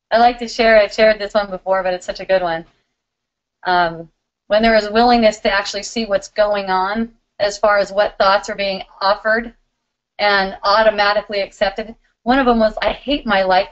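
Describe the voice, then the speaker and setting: A middle-aged woman hosting a live spiritual question-and-answer stream, talking in a warm, giggly, loving way. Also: medium pitch, highs cut off.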